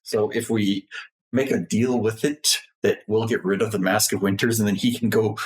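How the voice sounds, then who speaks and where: A man's voice: on the low side, fairly even intonation, normal speed. A man playing a tabletop game, making wry remarks and plans. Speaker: player. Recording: roomy echo.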